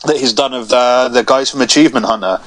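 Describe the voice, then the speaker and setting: A man's voice: mid-range voice, fast, noisy background. A young man co-hosting a podcast, chatting casually with lots of restarts and swearing. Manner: rambling, swears often, frequent restarts. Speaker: podcast co-host. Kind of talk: casual chat.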